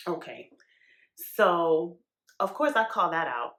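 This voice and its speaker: Woman podcast host from New York, emphatic, slangy and animated, lower voice, roomy echo. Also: measured pace. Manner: emphatic and animated, talks straight to the audience with slang. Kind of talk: casual monologue to listeners.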